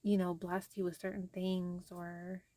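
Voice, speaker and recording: A woman's voice: lowish voice, flat delivery, unhurried, mellow, no echo. A young woman vlogging casually to camera, rambling with many fillers, tired and frustrated.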